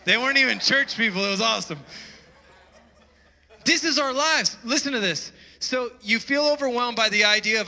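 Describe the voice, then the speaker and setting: A pastor preaching a sermon to his church, excitable and getting loud when he is stirred up. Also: high voice, moderate pace. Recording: preaching in a reverberant church hall.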